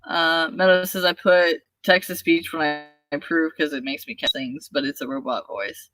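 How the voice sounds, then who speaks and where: A woman's voice: on the low side, expressive, unhurried, a bit bright, no room sound. A woman hosting a casual writing livestream, chatting, laughing often and reading viewer comments aloud. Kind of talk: casual chat.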